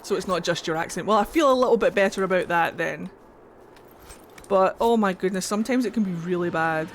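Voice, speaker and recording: A woman's voice: fairly low pitch, fairly quick, slight background noise. A Scottish woman chatting and joking playfully while she streams a video game, swearing now and then. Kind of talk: casual game commentary.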